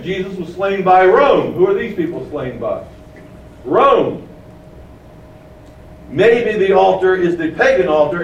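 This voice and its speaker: A man's voice: high-pitched, a little hiss or hum. A man preaching a sermon, explaining a passage and asking his listeners questions. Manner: explains, asks the room questions. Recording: echoey room, mic at a distance.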